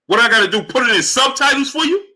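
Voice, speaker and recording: A man hosts a live sports stream in a high, very bright voice. He pushes exasperated rhetorical questions at his viewers and repeats his point, then drops into a low mutter to greet people in the chat. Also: expressive, fast talker. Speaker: sports livestream host.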